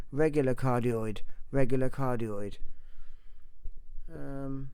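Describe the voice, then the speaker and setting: A man's voice: mid-range voice, darkish tone. A man chatting casually as he repairs a microphone at his workbench, repeating short test phrases over and over. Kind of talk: casual talk while working and testing.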